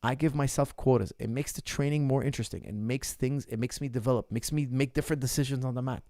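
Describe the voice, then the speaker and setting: A man's voice: medium pitch, fairly even intonation, fast, dark tone, no echo, studio quality. A man in his forties, a martial arts coach answering viewer questions in a casual livestream, blunt and emphatic, repeating his key points. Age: 40s.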